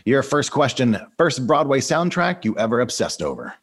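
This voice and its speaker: A man hosting an interview, upbeat and quick to laugh, running a rapid-fire question round. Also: mid-range voice, sing-song, fairly bright tone. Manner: upbeat, laughs often, brisk quiz questions. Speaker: podcast host. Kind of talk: casual interview.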